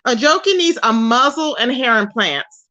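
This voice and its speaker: High-voiced sassy woman livestreamer. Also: expressive, moderate pace, bright, forceful tone, highs cut off. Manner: sassy, reads chat messages aloud and roasts a rival; drawls endearments like baby and boo. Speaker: livestream host. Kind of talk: casual livestream chat.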